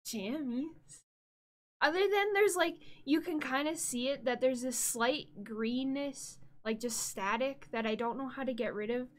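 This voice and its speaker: A woman streamer chatting casually on a live stream from a room at home, bubbly and easily distracted, breaking into excited squeals. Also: a little high. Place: home room with green screen.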